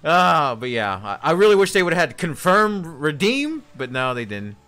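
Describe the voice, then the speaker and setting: A man's voice: fairly high pitch, huge pitch swings, moderate pace, a bit bright, faint music behind. A man streaming a video game, chatting casually with viewers in a hesitant, rambling way. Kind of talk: casual live-stream chat.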